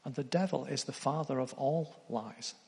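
A man's voice: medium pitch, normal speed, gravelly, mellow, long reverb tail. A man preaching a sermon, earnest, putting direct questions to his congregation.

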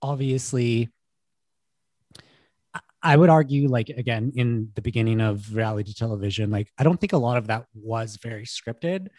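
A man's voice: medium pitch, moderate pace, a little mellow, no room sound. A man in his thirties co-hosting a podcast, chatting casually and enthusiastically with lots of "like" fillers. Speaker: podcast co-host. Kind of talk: casual chat.

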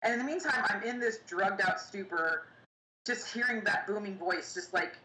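A young woman telling her own painful story in an interview, halting and pausing often. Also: medium pitch, bright, forceful tone, slight background noise. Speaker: interview guest. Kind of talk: personal storytelling. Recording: echoey room with faint ambience.

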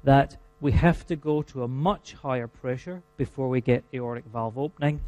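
A Scottish lecturer gives a university physiology class in a mellow, darker voice of medium pitch. He leans hard on key terms, slowing to repeat them, and drops in dry jokes. The sound is close and dry, with no room sound.

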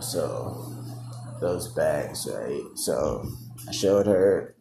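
Drunk rambling man with a deep voice. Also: animated, extremely slow, creaky, long pauses, echoey room, noisy background. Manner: rambling, profane, laughs often, says he is drunk. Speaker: podcast host. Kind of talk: casual solo podcast rambling.

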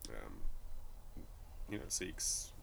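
A man's voice: very slow, a bit bright, a little hiss or hum. A man from New Mexico, a brewery guide, chatting casually and laughing easily between many fillers. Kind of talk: casual conversation.

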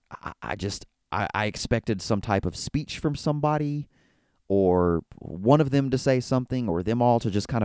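A man's voice: deep voice, warm tone, clear, resonant tone, no room sound, studio quality. A man hosting a solo wrestling talk show, recapping an event in an enthusiastic, rambling way with frequent restarts. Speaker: wrestling podcast host. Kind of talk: casual solo commentary.

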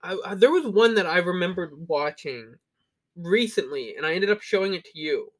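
A young man with a fairly high voice and a lively, swooping pitch, in casual crude podcast banter. He tells stories with energy and swears freely. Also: normal speed. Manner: animated storyteller, swears a lot. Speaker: podcast co-host.

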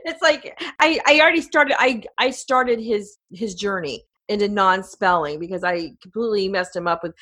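A woman's voice: mid-range voice, moderate pace, few pauses, sharp tone. Chatty rambling middle-aged woman. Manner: rambling, chatty, laughs often. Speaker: podcast host as guest. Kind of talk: casual interview chat.

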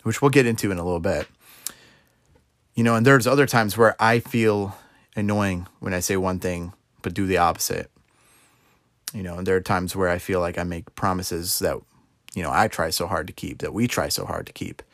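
Earnest young man, deep gravelly voice. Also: moderate pace, fairly bright tone, no room sound, studio quality. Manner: earnest, conversational, many fillers like "you know". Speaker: Christian speaker. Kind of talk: casual devotional talk.

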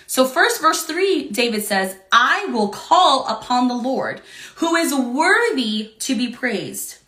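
An earnest woman teaching from the Bible in a devotional talk, expressive and given to repeating phrases. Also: sits high, slow pace, reverberant.

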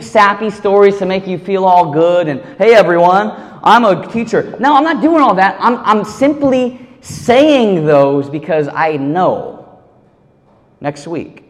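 Casual, animated man preaching in a hall. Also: high-pitched. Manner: casual, animated storytelling with slang. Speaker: youth pastor. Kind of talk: sermon storytelling. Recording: long hall reverb.

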